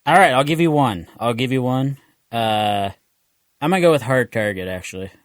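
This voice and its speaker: Man, podcast co-host, animated pitch, rambling, laughs a lot, dry sound. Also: normal speed, no echo. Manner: laughs often, loose rambling. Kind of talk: casual podcast chat.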